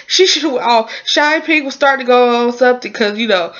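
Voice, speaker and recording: A woman casually recapping a drama episode in a rambling, chatty way, full of fillers and lively exclamations. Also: fairly high pitch, brisk, muffled recording.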